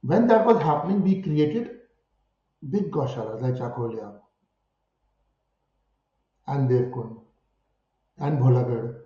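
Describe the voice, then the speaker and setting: A man with an Indian English accent answering an interview in an impassioned way, driving his points home with rhetorical questions and forceful peaks. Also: mid-range voice, takes it slowly, long pauses, echoey room, highs cut off. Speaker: spiritual guru interviewed about cow protection.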